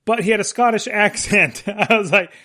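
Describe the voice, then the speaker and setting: A man's voice: sits high, moderate pace, sharp tone. A man co-hosting a casual film chat, rambling and full of fillers. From United States. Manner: rambling, with frequent fillers and laughs. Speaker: podcast co-host discussing films.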